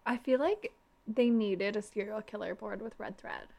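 A woman's voice: medium pitch, moderate pace, vocal fry, a little mellow. A young woman co-hosting a casual book chat, making dry asides and laughing often. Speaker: podcast co-host.

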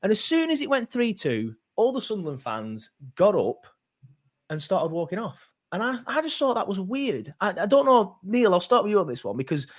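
A man's voice: high voice, sing-song, normal speed. Rambling man hosting a fan football chat. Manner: rambling, hesitant, lots of fillers and restarts. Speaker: fan podcast host.

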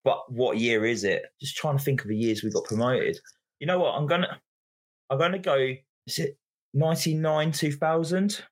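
A man's voice: fairly high pitch, normal speed. A man, a podcast guest answering quiz questions with jokes, thinking aloud with fillers. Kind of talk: casual chat.

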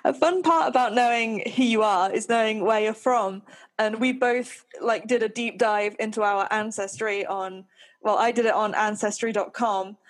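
Posh-sounding english woman on a podcast, slightly high voice, chatty and laughy, pokes fun at herself. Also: normal speed. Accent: posh southern English. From Nottingham, England. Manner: chatty, self-mocking, laughs often. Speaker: podcast co-host, stand-up comedian. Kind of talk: casual chat.

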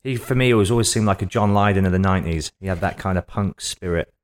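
Low-voiced male podcast host. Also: quick pace. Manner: easygoing, chimes in with short agreements. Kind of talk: casual interview chat.

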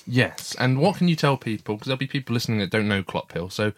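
This podcast-hosting dad talks fast and animatedly in a mid-range voice, coaxing his little daughter along with chatty encouragement and light teasing. The show is a casual family one recorded in a garden shed office, with slight background noise.

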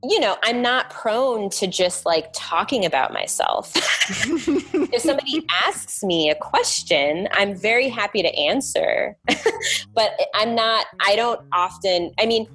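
A woman's voice: medium pitch, animated, a little slow, a bit bright, slightly rough. A woman guest on a podcast, talking in a casual, thoughtful way and often restarting and repeating words. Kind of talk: casual interview chat.

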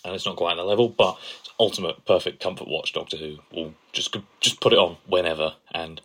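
A man's voice: low-pitched, a little fast, a bit bright, breathy edge. A man co-hosting a podcast, chatting playfully and enthusiastically. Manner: playful, enthusiastic, gushes over quotes. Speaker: podcast co-host. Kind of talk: casual chat.

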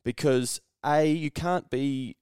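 A man's voice: mid-range voice, takes it slowly, a little mellow, smooth, no room sound, studio quality. A young man with a New Zealand accent, hosting a casual podcast chat, blunt and swearing freely as he tells stories and acts out quoted voices. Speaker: podcast host.

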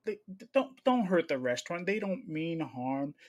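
A man's voice: on the high side, normal speed. A man from Brooklyn, co-hosting a casual podcast chat and acting out the people in his stories. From Brooklyn, New York. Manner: animated storyteller who acts out dialogue. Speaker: podcast co-host.

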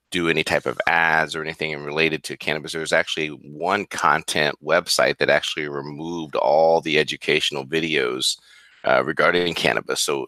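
A man's voice: a bass voice, sharp tone, no room sound. A man co-hosting a casual talk show, speaking hesitantly with many fillers and restarts. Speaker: co-host.

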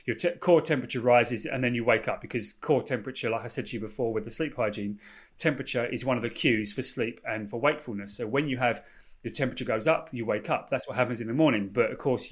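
A man talks through sleep advice in a relaxed podcast conversation. He explains patiently, piling up rephrasings and lists. His pitch sits in the middle for a man. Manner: explanatory, repeats and rephrases points. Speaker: sleep expert. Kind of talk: casual podcast chat.

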